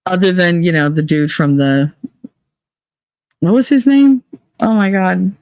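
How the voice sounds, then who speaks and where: A woman's voice: fairly low pitch, sing-song, a little slow, a little mellow, dry recording. A woman hosting a live podcast, chatting casually and candidly with her listeners, slipping into profane, sarcastic rants. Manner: candid and confessional. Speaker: podcast host. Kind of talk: casual chat to a live audience.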